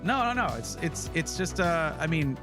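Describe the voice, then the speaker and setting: A man's voice: fairly high pitch, big pitch swings, moderate pace, music in the background. A man hosting a casual livestream, chatty and rambling, often correcting himself as he talks. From United States. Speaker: livestream host.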